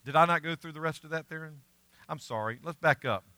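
A middle-aged man preaching a sermon as pastor, earnest and emphatic, swinging between loud stressed words and quiet asides. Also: fairly high pitch, fairly quick, no room sound. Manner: earnest, emphatic preaching with rising and falling volume.

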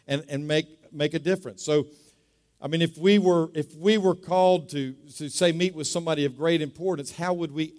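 A man's voice: on the high side, darkish tone. A man preaching a sermon as pastor, talking in a conversational way, repeating words and asking the congregation to say them back. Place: church sanctuary. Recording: long reverb of a large hall.

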